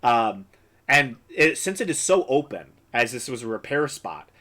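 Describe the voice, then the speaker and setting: A man narrating as game master of a tabletop role-playing game, pausing often with fillers. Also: mid-range voice, very animated, sharp tone. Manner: hesitant, many fillers.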